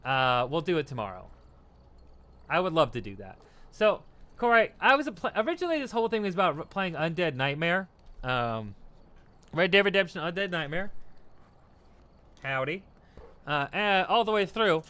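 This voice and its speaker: Man, streamer, tipsy, rambling casual chat, laughing, fairly high voice. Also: big pitch swings, moderate pace, bright, forceful tone.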